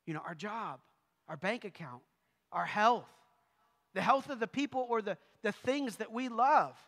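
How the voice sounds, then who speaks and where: A man's voice: high voice, unhurried, vocal fry, fairly bright tone, in a large hall. A male pastor preaching a sermon in a church, talking conversationally with humorous asides. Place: church sanctuary.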